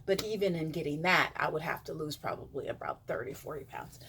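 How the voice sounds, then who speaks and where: There's a little hiss or hum as this middle-aged woman recounts a rambling story to her camera. Her voice is low yet a bit bright, fairly quick, full of fillers, and it sinks to a whisper when she quotes others.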